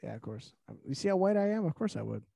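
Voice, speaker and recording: A man's voice: a little high, big pitch swings, fast, gravelly, dark tone, a little hiss or hum. A man co-hosting a podcast, chatting casually, laughing often and steering the topics. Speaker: podcast co-host.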